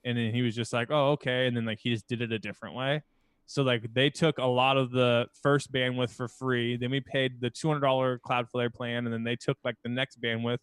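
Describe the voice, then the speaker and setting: A man's voice: medium pitch, level tone, brisk, clear, resonant tone, no echo, clean studio sound. A man co-hosting a podcast in casual chat, laid-back, saying "yeah" over and over and telling stories with quoted lines. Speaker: podcast co-host.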